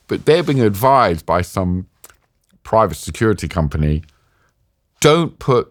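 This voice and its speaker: A middle-aged British man tells his story as a podcast guest in a low voice, recorded close and dry. He talks vividly, stops and restarts his sentences, and acts out what other people said. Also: no room sound. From Britain. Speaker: podcast guest, war journalist. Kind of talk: casual storytelling interview.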